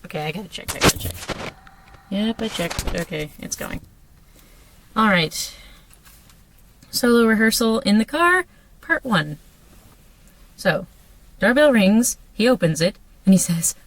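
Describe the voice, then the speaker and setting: A woman's voice: lowish voice, lively intonation, a little slow, pauses often, no room sound. A woman rehearsing alone in her car, muttering offhand asides and stage directions to herself. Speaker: actor rehearsing. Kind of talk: casual self-talk and stage directions. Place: front seat of a car.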